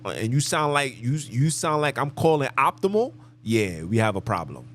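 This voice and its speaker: A man's voice: medium pitch, very animated, normal speed, few pauses, fairly bright tone. A man hosting a live podcast monologue, talking emphatically and preachily and repeating his phrases. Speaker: podcast host.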